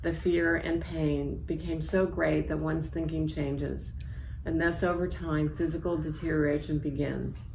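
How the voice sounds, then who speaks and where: Woman, sixties, author reading a memoir, low gravelly voice, echoey room, faint background hiss. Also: little pitch movement, a little mellow. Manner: measured, reflective storytelling. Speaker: author reading from her book.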